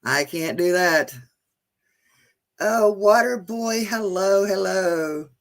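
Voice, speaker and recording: A woman hosts a casual livestream at a slow pace, her mid-range voice creaky. She reads names from the live chat, chats with the audience and laughs often.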